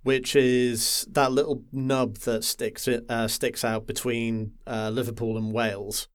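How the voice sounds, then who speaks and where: A man from the Wirral talks casually about a video game on a podcast. He takes his time and rambles slowly, pausing often and filling the gaps with "uh" and "um". His voice sits at a middling pitch. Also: flat delivery, smooth. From the Wirral, England. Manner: rambling, lots of filler sounds. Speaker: podcast co-host.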